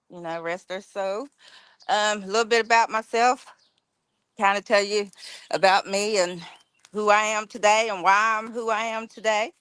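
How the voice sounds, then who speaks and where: A woman's voice: mid-range voice, a bit bright, clean tone, no room sound. Blunt, emotional middle-aged woman from West Virginia. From West Virginia, USA. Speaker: guest. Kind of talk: candid personal storytelling.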